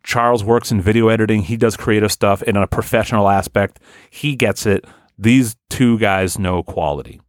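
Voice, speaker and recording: Guy hosting a podcast, lowish voice, rambles and cusses, dry close sound. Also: normal speed, no room sound. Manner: rambling, frequent swearing and fillers. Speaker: podcast host. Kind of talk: casual chat.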